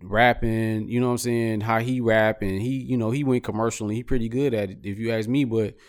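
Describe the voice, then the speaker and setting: A man co-hosting a podcast, talking in loose casual banter that climbs to near-shouting when he gets worked up, laughing a lot. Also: on the low side, fairly quick. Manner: animated, rising to near-shouts when riled, laughs often. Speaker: podcast co-host.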